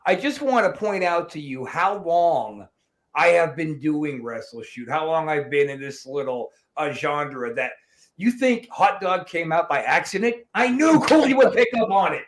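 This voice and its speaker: A brash man hosting a podcast, throwing profane, mock-boastful jabs at his guests. His voice sits slightly high for a man. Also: lively intonation, unhurried, fairly bright tone. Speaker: podcast host.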